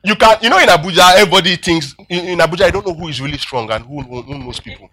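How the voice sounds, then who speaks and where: A man preaching a sermon as a pastor, animated, laughing often and checking in with his listeners. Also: on the high side, rapid-fire.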